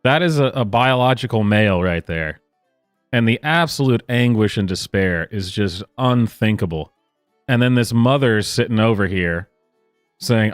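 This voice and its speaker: A man's voice: on the low side, expressive, moderate pace, clean tone, no room sound, clean studio sound, soft background music. A man hosting a reaction commentary, incredulous and sarcastic, with frequent exclamations. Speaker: commentary host.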